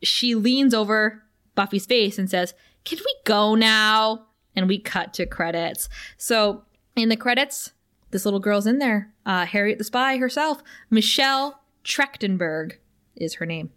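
A woman with a mid-range voice co-hosts a podcast. She recaps a TV episode in a loose, chatty way. She is animated and laughs easily. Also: mid-range voice, unhurried. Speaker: podcast co-host. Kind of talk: casual episode recap chat.

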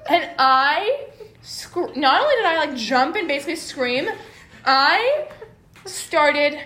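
A young woman co-hosting a podcast in casual chat, telling stories in an animated, rambling way full of "like". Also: high-pitched, takes it slowly. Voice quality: rambling and animated, heavy "like" filler. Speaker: podcast co-host. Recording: echoey room.

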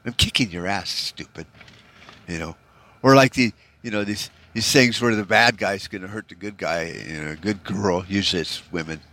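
A man with a low-pitched voice rambles through a profane solo podcast rant. His tone is discouraged and bitter, and he fills his speech with "you know". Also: moderate pace, sharp tone. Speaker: podcast host.

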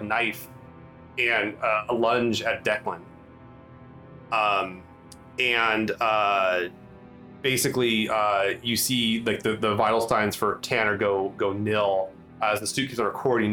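A man running a tabletop role-playing game as game master, narrating in a halting way full of fillers and restarts. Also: lowish voice, pushed and bright.

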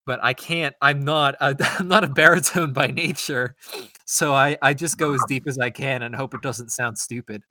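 A man chats on a gaming podcast, talking casually, swearing freely and stumbling through restarts. His voice is bright and forward, in a dry, close recording. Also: medium pitch, moderate pace, no room sound. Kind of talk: casual chat.

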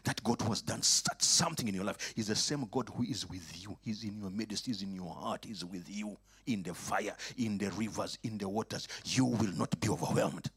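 A man preaching a sermon in a church, in a dramatic call-and-response style that moves from soft asides to loud, high exclamations. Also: moderate pace, few pauses, slightly rough. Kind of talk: lively sermon. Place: church or worship hall.

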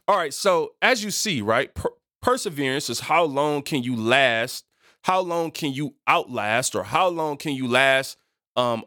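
A man hosting a faith podcast gives casual Bible teaching in a mid-pitched voice. He rambles, corrects himself, and drops to a quieter voice for asides. The sound is dry and close, with no room around it. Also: no room sound. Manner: rambling and self-correcting, often apologizing, dropping to a quieter voice for asides.

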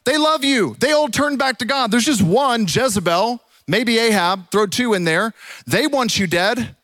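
A man preaching a sermon as a pastor, telling the story with animated energy and dropping to a hush for the quiet parts. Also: extremely high pitch, unhurried, no room sound. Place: church.

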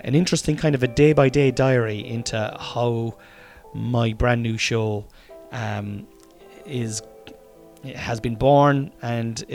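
A man's voice: medium pitch, a little mellow. Irish male podcaster, worn out, loose rambling delivery with frequent swearing, faint music under him. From Ireland. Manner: rambling, swearing, restarts mid-sentence. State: tired. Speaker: podcast host. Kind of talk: casual solo podcast diary.

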